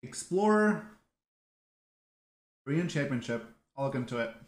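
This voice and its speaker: A man's voice: mid-range voice, lively intonation, unhurried, echoey room. A man casually commentating his own card game stream, muttering to himself and chatting loosely with viewers. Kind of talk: casual live gameplay commentary.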